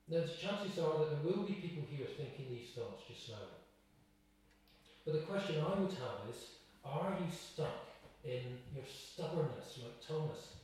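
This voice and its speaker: A man's voice: on the high side, animated, normal speed, darkish tone. Man preaching in an echoey church. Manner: earnest, repeats rhetorical questions. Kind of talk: sermon. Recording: echoey hall, distant mic.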